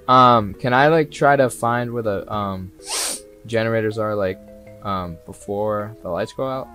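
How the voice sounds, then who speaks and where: A young male streamer narrates his horror game run live, his pitch leaping around as nerves turn into yelps and cheers. He curses freely and chatters at the characters on screen. Faint game music plays underneath. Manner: excitable, swears a lot, talks to the game, sudden yells. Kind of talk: live gaming commentary.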